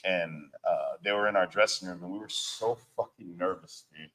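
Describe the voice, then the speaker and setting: A man with a fairly low voice tells road stories from his band's early days as a guest. His talk is loose and casual, thick with swearing and filler words, and he rambles through anecdotes. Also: moderate pace, fairly bright tone, slight background noise, rough recording. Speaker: band member, interview guest. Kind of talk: casual storytelling chat.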